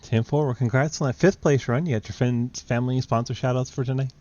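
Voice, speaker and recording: A man's voice: mid-range voice, steady tone, fast, dark tone, muffled recording. A man hosting a sim racing broadcast, teasing and laughing with drivers in casual post-race interviews. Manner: laid-back, teasing, laughs often.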